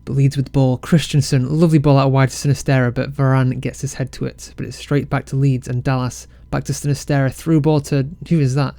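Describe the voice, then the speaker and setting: Excitable man narrating a game, dry close mic. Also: mid-range voice, fairly quick, vocal fry, hardly any pauses, no room sound. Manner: excitable, self-mocking, rambling with restarts. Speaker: game let's-play creator. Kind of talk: casual game commentary.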